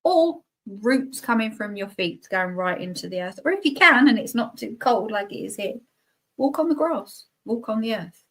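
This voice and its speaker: A woman's voice: fairly high pitch, expressive, moderate pace, fairly bright tone. A middle-aged woman, a guest healer giving casual, chatty advice and laughing at herself.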